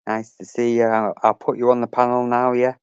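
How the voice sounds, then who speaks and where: A man's voice: mid-range voice, flat delivery, a little fast, smooth, no echo, highs cut off. A man hosting a casual live stream, chatting with viewers and greeting them by name.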